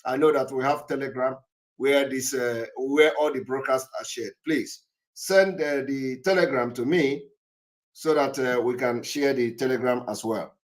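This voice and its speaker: A man's voice: mid-range voice, unhurried. A man hosting a live call-in broadcast, emphatic and repetitive, with many fillers. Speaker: broadcast host taking callers.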